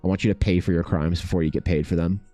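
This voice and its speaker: While he draws on stream, a man keeps up rambling, self-deprecating chat peppered with profanity. He speaks quickly in a low, warm, steady voice over soft background music.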